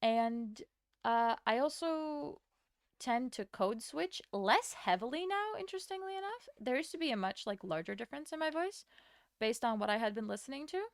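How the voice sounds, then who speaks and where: A woman's voice: a little high, lively intonation, moderate pace, clean tone, no echo, clean studio sound. A young woman streamer whose first language is Latvian, rambling casually while she draws, swearing now and then and answering her chat. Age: young adult.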